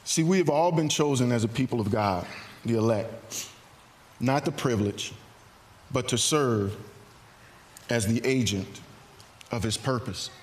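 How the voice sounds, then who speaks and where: A man preaching a sermon in a church, earnest and animated, acting out hesitant asides. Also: medium pitch, a little slow, pauses often, a little hiss or hum. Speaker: pastor. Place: church sanctuary.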